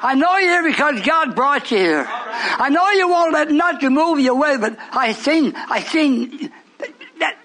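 Man, preacher, sermon, call-and-response, lively swooping pitch, very high voice. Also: measured pace. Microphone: broadcast on shortwave radio.

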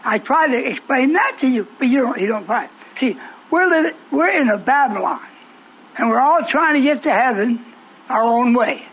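A man's voice: extremely high pitch, expressive, moderate pace, fairly bright tone, husky. A man preaching a sermon, confronting and questioning his congregation.

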